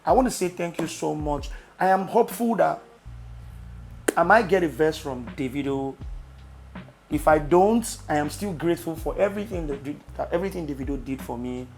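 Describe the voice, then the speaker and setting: A young Nigerian man with a Nigerian accent, casually telling travel stories to camera with loud exclamations. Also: a little high, moderate pace, creaky. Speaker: vlogger.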